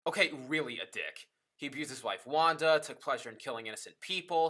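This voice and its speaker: A man's voice: medium pitch, animated, fairly quick, bright, forceful tone. A man giving a casual, enthusiastic film review, swearing freely and dropping jokey asides.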